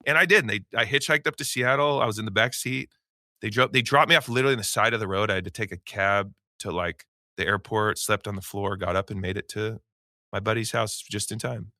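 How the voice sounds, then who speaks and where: A man guest on a podcast, casually telling animated stories and acting out the people in them. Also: on the low side, fast, no room sound, clean studio sound. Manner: animated storyteller who acts out quoted people. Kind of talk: casual storytelling.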